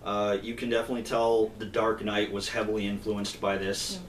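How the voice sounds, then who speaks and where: A man's voice: on the low side, a little fast. Casual man retelling a comic, roomy. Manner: animated retelling, acts out character lines. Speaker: comic review co-host. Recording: roomy, distant mic with faint noise.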